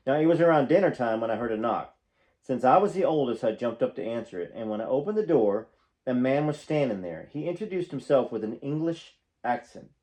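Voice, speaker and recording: Male host, mid-pitched voice, reads from a book and breaks off into chatty commentary. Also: animated, brisk, darkish tone. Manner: breaks off to comment, folksy and conversational. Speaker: channel host reading a book aloud. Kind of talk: reading aloud with casual asides.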